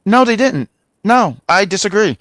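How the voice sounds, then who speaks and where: A man co-hosting a wrestling review show in casual chat, rambling and animated with frequent restarts. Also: sits high, moderate pace, no echo. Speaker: wrestling review podcast co-host.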